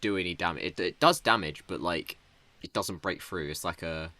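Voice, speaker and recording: A man with a very low voice that still comes through bright and forceful spins a loose, rambling story. He talks in a casual, laid-back way, full of "like" and "you know." The sound is dry and close. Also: normal speed, no room sound. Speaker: storyteller improvising a tale.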